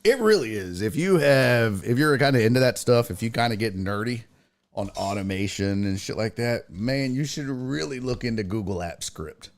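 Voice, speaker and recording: A man hosts a casual sports live stream, reading viewer comments and ranting in profane, exasperated outbursts that break into yelling. His voice is medium-pitched and animated, at normal speed.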